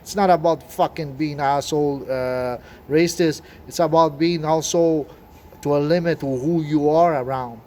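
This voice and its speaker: A man with a French accent and French as his first language, talking in a rambling, profane, agitated monologue with many halting restarts. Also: fairly high pitch, darkish tone, slight background noise.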